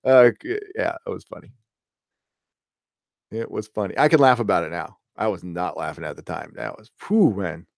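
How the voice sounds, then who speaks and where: A man's voice: deep voice, normal speed, creaky, no room sound. Profane, rambling man in a dry room. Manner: rambling, profane, laughs at own stories. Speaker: host reading live chat. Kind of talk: casual live-stream chat.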